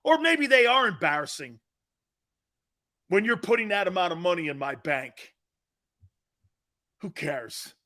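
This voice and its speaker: Middle-aged male sports talk host, brash and bright, ranting casually. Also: high voice, a little slow, pauses often. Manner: loud, animated, bantering rants.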